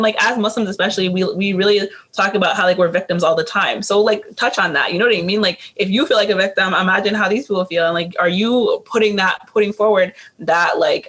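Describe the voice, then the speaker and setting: A man who works as a teacher, giving casual advice on a panel, talking rapidly with many fillers and restarts. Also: high voice, fairly even intonation, a bit bright.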